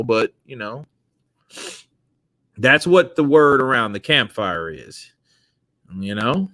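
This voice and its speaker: A man hosting a casual boxing talk show. He is unhurried but animated, with lots of pitch movement, and he laughs often. The sound is dry and close. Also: dry recording. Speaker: host. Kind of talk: casual chat.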